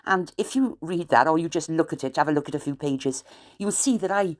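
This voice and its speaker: A woman's voice: deep voice, expressive, brisk. A woman with a South Welsh accent, chatting to camera in a rambling, wandering way and slipping in aggrieved asides. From South Wales. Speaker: vlogger. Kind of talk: rambling late-night chat to camera.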